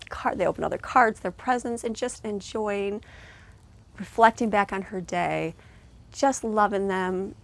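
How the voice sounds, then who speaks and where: A woman's voice: mid-range voice, vocal fry. A middle-aged woman talking in a casual vlog, earnest and emotional, rambling with many restarts and heartfelt thanks. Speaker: vlogger and mother.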